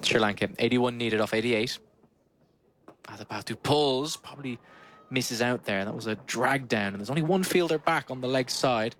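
A man calling a cricket match ball by ball, brisk and lively, lifting his voice on big shots and slipping in dry asides. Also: medium pitch, a little hiss or hum. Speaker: cricket commentator. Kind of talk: live ball-by-ball commentary.

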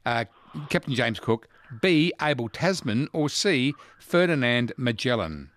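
A man's voice: mid-range voice, very animated, a little slow, a bit bright. A man hosting a casual quiz chat, playful and teasing as he reads out questions and options. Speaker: quiz host.

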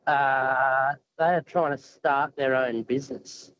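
A man's voice: mid-range voice, fairly even intonation, slow, fairly bright tone, muffled recording. A man with an Australian accent calling in to a radio quiz, easygoing and full of slang. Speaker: caller. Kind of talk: casual phone-in quiz.

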